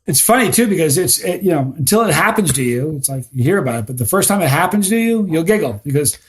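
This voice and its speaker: Animated man telling stories. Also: a little high, fast, a little hiss or hum. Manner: animated storyteller with frequent restarts. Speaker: guest, spicy food challenge creator. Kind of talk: casual podcast conversation.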